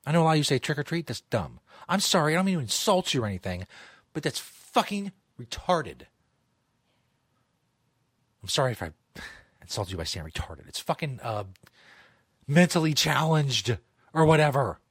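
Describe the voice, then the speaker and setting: A man's voice: medium pitch, very animated, a little fast, pauses often, fairly bright tone, husky, dry recording. A man hosting a comedic talk show from a studio, rambling, jokey and profane. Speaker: host.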